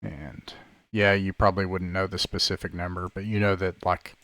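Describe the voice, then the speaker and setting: A man narrating a tabletop game as game master, describing scenes in a halting way full of fillers over an online call. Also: low-pitched, level tone, a bit bright, no echo. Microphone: online call microphone.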